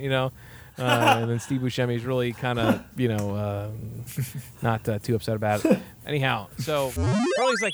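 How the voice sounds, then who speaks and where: A young adult man recapping a movie in a rambling, comedic way, full of fillers and quick character voices. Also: medium pitch, slight background noise. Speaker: podcast host recapping a movie.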